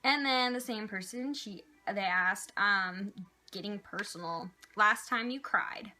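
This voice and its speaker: A woman's voice: mid-range voice, unhurried, sharp tone, soft background music. A young woman vlogger answering viewer questions in a casual, rambling chat, with lots of "like" and "um" fillers. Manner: chatty, rambling, with many "like" and "um" fillers.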